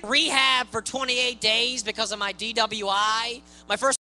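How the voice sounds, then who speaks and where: A man with a high voice that gets mistaken for a woman's, doing a stand-up comedy set on a club stage with loud, ranting punchlines. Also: little pitch movement, measured pace, gravelly, low-quality recording. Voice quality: high, boyish voice often taken for a woman's.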